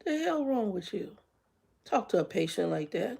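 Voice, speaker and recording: Woman in her fifties, lively and exasperated storyteller, mid-pitched voice. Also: normal speed, creaky, breathy edge. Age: 50s. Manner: animated and exasperated, acts out dialogue. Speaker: vlogger. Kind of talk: casual storytime vlog.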